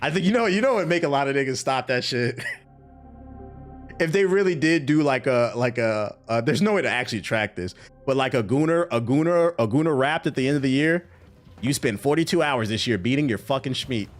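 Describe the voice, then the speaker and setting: A man's voice: medium pitch, animated, a little fast, faint music behind. A man streaming a game and chatting casually with viewers in a joking, profane, rambling way. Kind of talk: casual chat while gaming.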